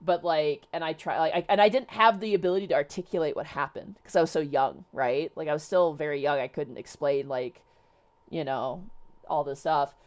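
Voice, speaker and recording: A woman's voice: deep voice, fairly quick, darkish tone. A young woman host telling a personal story in casual chat, rambling with many fillers and restarts. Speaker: streamer host.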